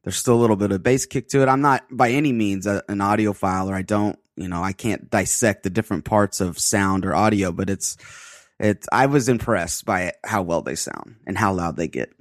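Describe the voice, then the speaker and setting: A man's voice: lowish voice, fairly quick, no room sound, clean studio sound. A man co-hosting a casual tech podcast, talking in a laid-back, hedging way full of fillers. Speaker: podcast co-host.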